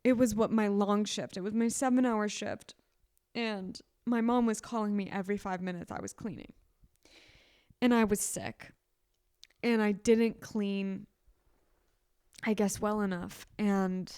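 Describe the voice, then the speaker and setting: A woman's voice: mid-range voice, darkish tone, clear, resonant tone, no echo, clean studio sound. A young woman co-hosting a podcast, telling a stressful story in a rambling, emotional way, with frequent restarts. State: sick. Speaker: podcast co-host. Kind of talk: casual chat.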